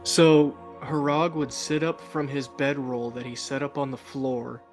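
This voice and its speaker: A man's voice: mid-range voice, little pitch movement, measured pace, soft background music. A man playing a tabletop game, describing his character in a laid-back way. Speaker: player.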